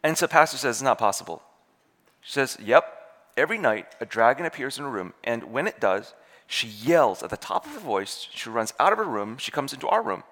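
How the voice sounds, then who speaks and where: A man's voice: medium pitch, fairly quick. A man telling a story in a sermon, acting out the voices of the people in it. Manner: animated, acts out voices in his stories. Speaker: preacher. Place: church hall. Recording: long hall reverb.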